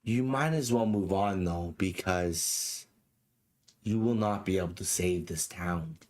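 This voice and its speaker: A man voicing a menacing elderly woman, a villain who slowly proclaims her taunts across a town. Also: deep voice, darkish tone.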